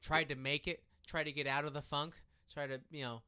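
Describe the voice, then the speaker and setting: A man co-hosting a casual political chat podcast, talking in an animated way and restarting his sentences often. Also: on the high side, fairly quick, smooth. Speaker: podcast co-host.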